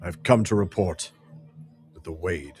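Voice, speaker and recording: A man's voice: low voice, measured pace, faint music behind, voice pushed down. A man voicing a grief-maddened, vengeful warrior who speaks bitterly and accusingly in a fantasy game. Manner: bitter, accusing, bursts into shouting.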